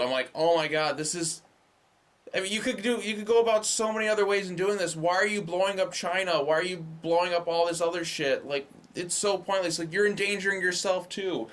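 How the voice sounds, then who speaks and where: A man's voice: sits high, fairly bright tone. A young man giving a casual movie review, loose and profane, with sarcastic rants. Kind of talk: casual spoken film review.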